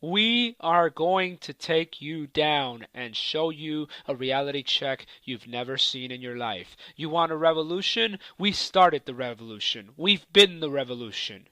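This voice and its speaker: A cocky man trash-talking his rivals in a wrestling promo, taunting and profane. His voice sits a bit high and pushes out hard and forceful. The recording is dry and close, with no room sound. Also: lively intonation, measured pace, hardly any pauses, no room sound.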